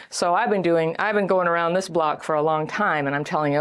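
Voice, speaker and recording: A middle-aged woman giving casual advice on dating and trauma, chatty and animated, often acting out what people say. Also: fairly low pitch, a little fast, hardly any pauses. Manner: chatty, animated, acts out quoted voices. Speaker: relationship and trauma advice host. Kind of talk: casual direct-to-camera advice talk.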